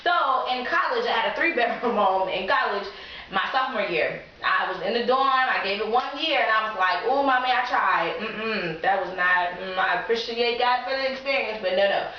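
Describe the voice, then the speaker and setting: Young woman vlogger, animated storyteller, roomy dull home recording. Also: normal speed. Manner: animated, laughing, acts out quotes in a higher voice. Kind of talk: casual storytelling to camera. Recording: echoey room, distant lo-fi mic.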